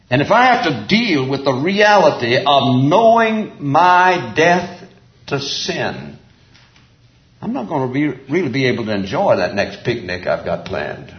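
A man's voice: mid-range voice, lively intonation. Older guy preaching, folksy, stretches out his repeats, echoey muffled room. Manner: folksy, chuckling, drawn-out emphatic repeats. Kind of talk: sermon. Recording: roomy, dull lo-fi sound.

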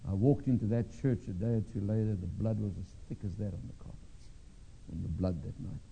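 A man preaching a sermon, telling a story with pauses and hesitant fillers before reading scripture. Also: on the low side, steady tone, creaky, warm tone, slight background noise, rough recording.

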